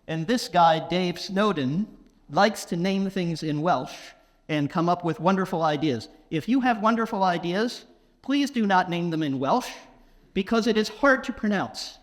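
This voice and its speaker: A man giving a conference keynote, playfully quizzing the audience and speaking slowly and deliberately. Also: high voice. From England. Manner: playful, quizzes the audience, slow deliberate phrasing for non-native listeners. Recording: long hall reverb.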